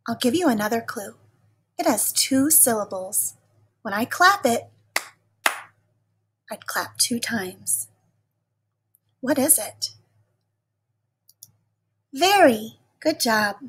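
A woman teacher giving a recorded lesson to young children, speaking in a slow, patient and encouraging way. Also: fairly high pitch, lively intonation, fairly bright tone, slightly rough.

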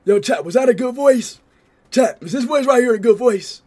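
Excitable high-voiced young male streamer. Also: normal speed. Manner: loud, excitable, repetitive. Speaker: livestreamer. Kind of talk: live stream chat.

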